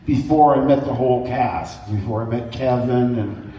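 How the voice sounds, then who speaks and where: A man spins animated stories for a convention audience, slipping into voices and laughing between lines. His voice sits at an ordinary pitch and comes from some distance. A big, echoing hall rings around every word, with a faint hiss underneath. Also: moderate pace. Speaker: convention panel guest. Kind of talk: anecdotal storytelling to an audience. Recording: echoey hall from far off.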